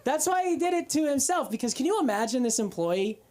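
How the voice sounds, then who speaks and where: Stand-up woman, twenties, crude and animated, with a voice that swoops all over. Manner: profane, animated storytelling with quick pitch jumps. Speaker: stand-up comic. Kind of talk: open-mic stand-up set. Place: comedy club stage.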